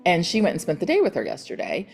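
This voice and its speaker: A middle-aged woman hosting a motivational real estate team call, chatty and encouraging, retelling conversations with lively quoted voices. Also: lowish voice, fast talker, gravelly, slightly rough, soft background music.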